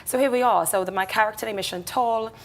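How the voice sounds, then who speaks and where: A woman actress as a talk show guest, telling personal stories in a lively, reflective way. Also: fairly high pitch, quick pace, noisy background.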